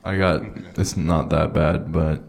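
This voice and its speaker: A man with a very low voice tells a long, funny story on a panel. He is casual and self-mocking, and he laughs at his own bad luck as he talks. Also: flat delivery, slow pace, creaky, a little hiss or hum. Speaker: DJ on a convention panel.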